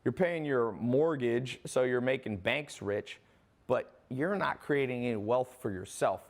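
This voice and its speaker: A man with a mid-range voice, speaking a little slowly, gives a casual, rambling sales presentation as an online business presenter. He talks straight to the viewer, often breaking off, restarting, and asking "okay?"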